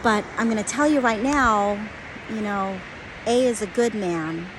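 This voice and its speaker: A woman's voice: mid-range voice, measured pace, background noise. A woman in her forties, an acupuncturist, giving blunt, emphatic advice through a conversational story.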